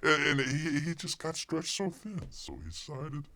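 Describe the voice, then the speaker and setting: A man's voice: fairly high pitch, normal speed, sharp tone. A man hosting a casual livestream, telling a rambling story with many fillers and restarts. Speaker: livestream host.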